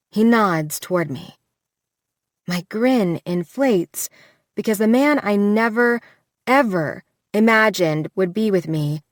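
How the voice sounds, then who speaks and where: A woman narrating a first-person romance audiobook in an intimate, measured way, close to the mic. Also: lowish voice, no echo. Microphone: close studio mic. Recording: dry studio recording.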